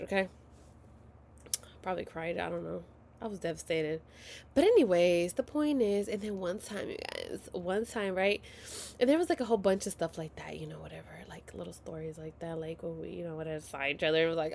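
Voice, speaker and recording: A woman's voice: medium pitch, a little fast, fairly bright tone. A woman in her thirties telling a story to her viewers at home in a casual, dramatic and profane way, often dropping to a whisper. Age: 30s.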